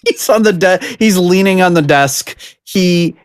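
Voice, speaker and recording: A man's voice: sits high, huge pitch swings, slow, fairly bright tone, no echo. A man from the United States hosting a podcast, giving casual, chatty reaction commentary and laughing often. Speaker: podcast host.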